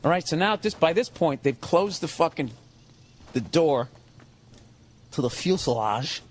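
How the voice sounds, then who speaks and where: A male comedian telling a profane, animated story while playing a game. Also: fairly high pitch, unhurried. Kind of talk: storytelling over gameplay. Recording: game gunfire behind voice.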